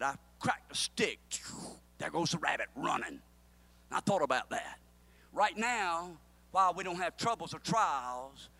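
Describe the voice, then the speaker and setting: A pastor preaching a sermon, urging his congregation on, swinging between quiet asides and near-shouted calls. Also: fairly high pitch, no room sound. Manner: impassioned preaching, rising to a near-shout, with call-and-response.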